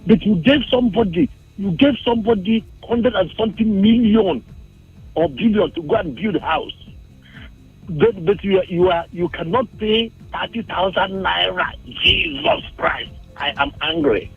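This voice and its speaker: Nigerian male caller, agitated and repetitive, high lively voice, husky and gravelly, tinny phone line. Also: normal speed, soft background music. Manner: agitated, repeats that he is angry.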